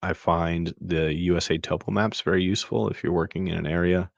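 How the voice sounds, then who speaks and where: Speaking fairly quickly in a very low, gravelly voice, a relaxed podcast host rambles through a web tool on a casual screen-share, full of fillers and restarts. The sound is dry, echo-free and slightly dull, suggesting a plain home setup.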